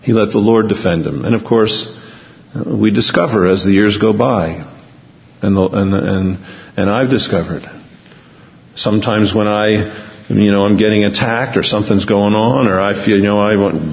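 A man's voice: on the low side, creaky. Man preaching in an echoing hall. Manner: acts out bible figures in quick voices, chuckles often. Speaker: pastor. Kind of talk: sermon. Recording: dull sound in a reverberant hall.

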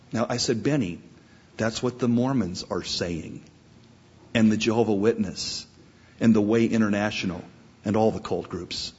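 A man's voice: on the low side, normal speed, a little mellow, slightly rough. A man preaching a sermon, telling a story with rising passion. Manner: storytelling, impassioned. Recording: dull lo-fi recording.

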